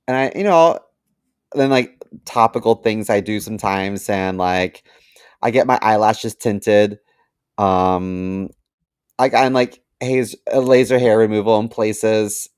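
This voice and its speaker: Deadpan male podcast co-host, dry mic. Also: on the low side, slow pace, smooth, no echo. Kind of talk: crude casual podcast banter.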